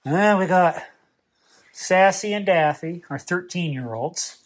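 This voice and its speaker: A man's voice: high voice, takes it slowly, background noise. A man volunteering at an animal rescue, chatting casually and lovingly to shelter dogs at bedtime, rambling and laughing as he goes. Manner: affectionate, rambling, laughs often, soft night-night goodbyes. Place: animal shelter kennel at night.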